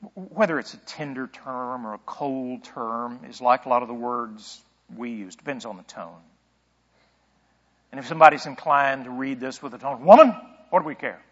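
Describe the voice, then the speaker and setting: A man's voice: medium pitch, normal speed, a bit bright, long reverb tail, lo-fi sound. Man preaching a conversational sermon. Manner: conversational, thinking aloud with rhetorical questions. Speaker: pastor.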